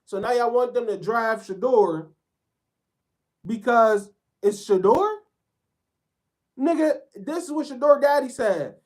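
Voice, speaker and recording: A man's voice: very high voice, expressive, moderate pace. A man giving a heated sports commentary rant, talking bluntly in profane slang.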